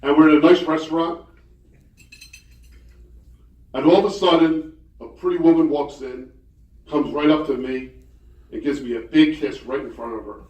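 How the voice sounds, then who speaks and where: A man in his sixties doing stand-up storytelling, with chatty, hesitant delivery and deadpan punchlines. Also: fairly high pitch, normal speed, long pauses, highs cut off. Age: 60s. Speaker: comedian at a banquet. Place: banquet hall. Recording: echoey hall, voice far off.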